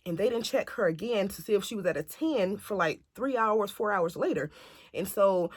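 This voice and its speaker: A woman's voice: medium pitch, normal speed, no room sound, clean studio sound. Chatty woman telling a family story. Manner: chatty, animated retelling that acts out other people's lines. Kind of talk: casual storytelling to camera.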